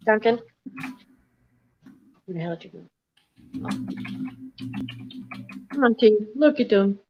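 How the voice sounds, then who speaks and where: A woman's voice: mid-range voice, expressive, takes it slowly, muffled recording, background noise. A young woman joining a livestream chat as a guest over a call, talking in a laid-back, profane way. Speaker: guest, host's niece. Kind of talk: casual chat.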